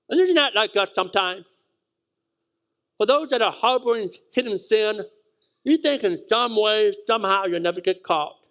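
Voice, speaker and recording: Reading scripture aloud, a pastor preaches in a high-pitched, somewhat bright voice. He drives his points home with repeated words and abrupt rises and drops.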